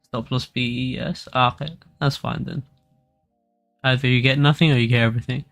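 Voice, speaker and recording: A man's voice: mid-range voice, fairly even intonation, brisk, fairly bright tone, faint music behind. A man giving casual live stream commentary on crypto charts as the analyst, rambling with lots of fillers and restarts.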